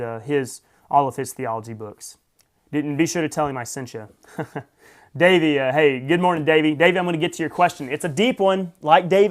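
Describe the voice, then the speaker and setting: A man hosting a live morning stream, chatting casually, greeting viewers by name and adding wry asides. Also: fairly high pitch. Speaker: host.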